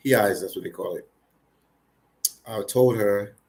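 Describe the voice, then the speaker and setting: Speaking slowly and pausing often, the man has a fairly low, darkish voice. He's a livestream host from Philadelphia, United States, telling stories casually with emphatic, repeated phrases.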